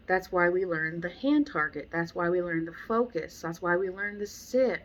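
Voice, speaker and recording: Blunt, animated woman dog trainer. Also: fairly low pitch, normal speed. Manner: animated, acts out people she describes; blunt, exasperated asides. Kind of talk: casual instructional talk.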